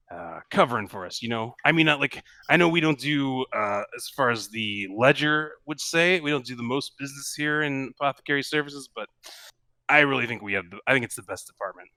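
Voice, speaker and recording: A man's voice: mid-range voice, a little fast, sharp tone, no room sound, close to an everyday voice. A man voicing a chatty, friendly male ghoul who runs an apothecary, talking casually with lots of fillers.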